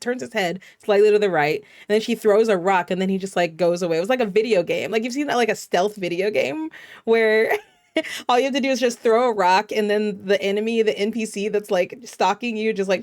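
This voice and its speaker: A woman VTuber host in a casual vlog, recapping a horror film with profane, animated storytelling full of fillers. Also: mid-range voice, no echo, clean studio sound.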